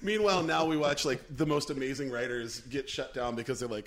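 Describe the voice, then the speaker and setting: A man's voice: medium pitch, brisk, few pauses. Chatty man rambling in a podcast. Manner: animated, rambling storyteller with many "like"s. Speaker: podcast co-host. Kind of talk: casual chat.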